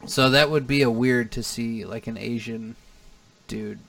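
A man's voice: mid-range voice, steady tone, unhurried, creaky, far from the mic, over a noisy crowd. A man co-hosting a comedy podcast, talking in casual, profane chat and laughing often. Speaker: podcast co-host.

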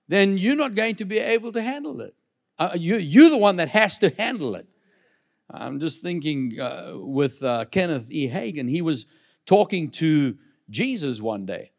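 A man pastor preaching a sermon in church, with lively delivery, frequent asides and repeated words. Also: sits high.

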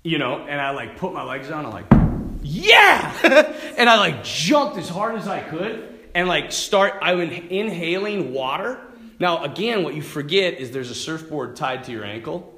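A priest giving a sermon, telling a personal story in a lively way, laughing and restarting his sentences. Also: fairly high pitch, normal speed, reverberant. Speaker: priest, vocation director.

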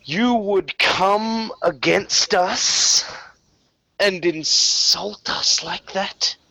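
A man voicing a grieving, furious woman clan leader in a tabletop game, shrieking high when enraged. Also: extremely slow, vocal fry, pushed and bright, no room sound, heavily acted. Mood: indignant. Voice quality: shrill screaming when enraged.

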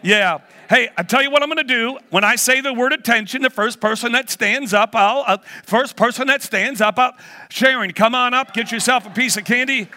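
A man's voice: extremely high pitch, normal speed, bright, forceful tone. A man in his sixties, a guest preacher leading a playful children's talk in a church, teasing the audience like a game-show host. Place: church hall.

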